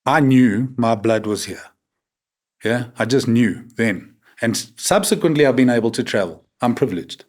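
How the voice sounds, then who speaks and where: This man's medium-pitched voice is expressive and moves at a moderate pace. He's a South African in his fifties, a talk show guest giving a frank, conversational interview and peppering his stories with "man" and "right?".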